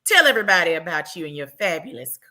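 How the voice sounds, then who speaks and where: A woman's voice: fairly low pitch, very animated, quick pace, bright, forceful tone. A woman hosting a live podcast, chatting casually, laughing often and loose in her speech. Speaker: podcast host.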